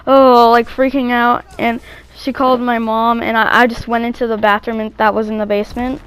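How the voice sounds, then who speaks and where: A young woman with a slightly high, smooth voice tells a story from her own life in a loose, rambling way. She restarts her sentences and fills the gaps with "um" and "like". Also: little pitch movement, a little fast, fairly bright tone, poor audio. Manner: rambling, many restarts and fillers. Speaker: vlogger. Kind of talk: casual storytelling.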